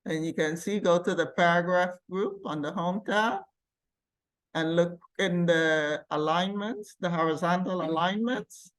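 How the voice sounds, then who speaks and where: Patient woman instructor, slow and deliberate, narrating software steps aloud in class. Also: lowish voice. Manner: patient, thinks aloud while clicking. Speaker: computer class teacher. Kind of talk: live classroom software demonstration.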